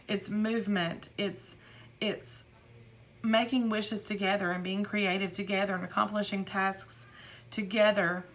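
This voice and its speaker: Woman tarot reader, casual and rambling, mid-pitched, slight background hiss. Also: fairly bright tone. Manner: rambling, repeats words, acts out quotes.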